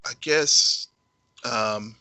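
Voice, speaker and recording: A man co-hosting a podcast, talking casually with halting repeats while summing up a show. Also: medium pitch, pushed and bright, dry recording, rough recording. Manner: halting, repeats words, summarizes plots. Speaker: podcast producer and co-host. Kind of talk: casual review chat.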